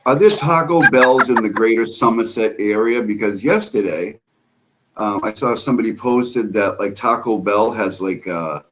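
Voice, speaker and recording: A man's voice: lowish voice, moderate pace, a bit bright, rough recording. A man joining a casual chat over a video call, talking bluntly and swearing freely. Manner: blunt, profane. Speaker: co-host.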